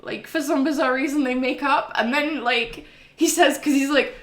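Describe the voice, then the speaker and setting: A woman's voice: high voice, normal speed. A woman streamer giving a casual, rambling game recap to her live chat, swearing freely and full of ums and laughs. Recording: roomy echo.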